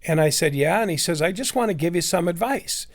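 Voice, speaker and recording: A middle-aged man rambles through a story from his own life, restarting sentences and acting out what other people said. His voice sits high, with lively intonation and a slightly fast pace.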